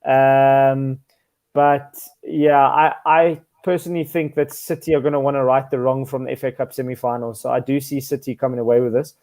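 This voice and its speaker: A man on a football podcast giving casual predictions, relaxed and chatty. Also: medium pitch, moderate pace. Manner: relaxed, uses bro and like.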